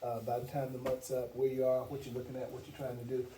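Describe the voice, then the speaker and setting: A man's voice: medium pitch, monotone, fast, warm tone. A man giving a sales training talk, emphatic and repetitive, often checking in with "okay?". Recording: echoey room from far off, noisy.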